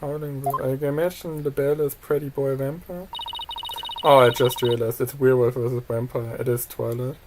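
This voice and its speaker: A let's player giving casual commentary, reading game text aloud and adding quick chatty asides. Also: medium pitch, steady tone, very noisy. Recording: loud game music behind the voice.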